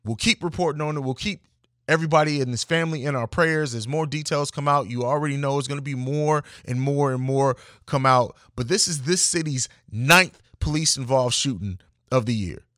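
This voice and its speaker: A man's voice: medium pitch, a little fast, fairly bright tone, dry recording. A man hosting his podcast, talking heated and emphatic, with plenty of swearing. His voice sits in the middle range and comes through a close mic in a dry, deadened room. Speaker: podcast host. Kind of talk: impassioned commentary.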